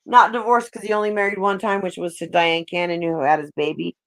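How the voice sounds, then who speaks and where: A woman's voice: lowish voice, flat delivery, brisk, no echo. A woman chatting casually on a live audio panel, laid-back, joking and swearing freely.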